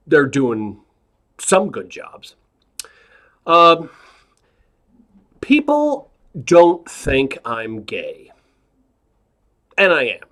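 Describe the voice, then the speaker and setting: A man's voice: medium pitch, fairly bright tone. A man performing a stand-up set over a video call, awkward and self-deprecating. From New York. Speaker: stand-up comedian.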